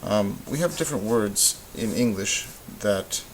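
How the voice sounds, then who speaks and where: A man teaching a recorded Spanish grammar lesson, explaining in a relaxed way with lots of ums and uhs. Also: lowish voice, measured pace. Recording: faint hiss.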